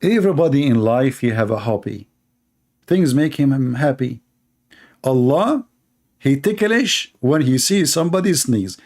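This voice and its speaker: A man's voice: medium pitch, expressive, measured pace, a little mellow. A man giving a sarcastic, mocking religious polemic in non-native English. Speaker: religious debater. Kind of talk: polemical monologue.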